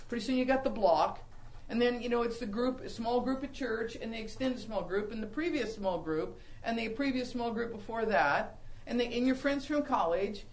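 An older woman giving a Bible teaching talk to women, telling animated, self-mocking stories. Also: fairly high pitch, low-quality recording.

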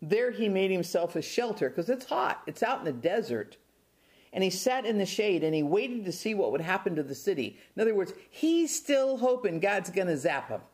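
A man's voice: high-pitched, very animated, normal speed. A man preaching a sermon, reading scripture and retelling it with folksy, self-deprecating asides.

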